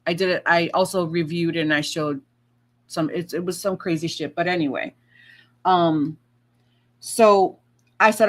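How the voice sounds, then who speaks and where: A woman's voice: on the low side, measured pace, pauses often. A woman talking to her viewers as a tarot and astrology vlogger, in a chatty rambling monologue where she swears freely and acts out her own past remarks.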